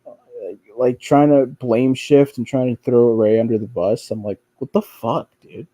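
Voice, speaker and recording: A man rambles through casual commentary, swearing freely and restarting his sentences over and over. His voice is mellow and dark. The recording is close and dry. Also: mid-range voice, steady tone, moderate pace, no room sound. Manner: profane, rambling, with frequent restarts and fillers; mocks others by quoting them in a whiny voice. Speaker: streamer commenting on online drama.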